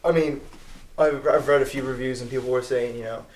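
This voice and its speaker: Young man, podcast co-host, dry quips, measured takes, echoey room. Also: mid-range voice, steady tone, a little mellow. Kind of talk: casual movie review chat.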